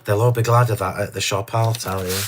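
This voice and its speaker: A man hosting a card-making demonstration, chatty and gushing, a little hoarse from losing his voice. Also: fairly low pitch, fairly even intonation, a little fast, heavy background noise. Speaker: crafting demo host.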